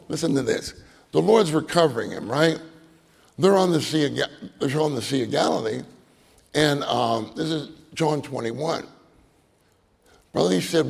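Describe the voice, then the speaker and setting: A man giving a conversational sermon, halting and repeating words and often checking in with his listeners. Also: on the high side, creaky, breathy edge, in a large hall. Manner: halting, repeats words, asks the audience "right?". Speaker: preacher.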